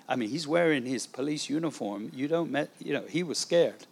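A man, an evangelist, telling a testimony story in a sermon, animated and acting out the dialogue. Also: on the high side, a little fast, vocal fry, hardly any pauses, husky.

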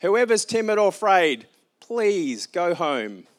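A man voicing a calm, reassuring divine figure in a retold scripture story, slow, emphatic and casual. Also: high-pitched, pitched above the performer's own voice, exaggerated voice.

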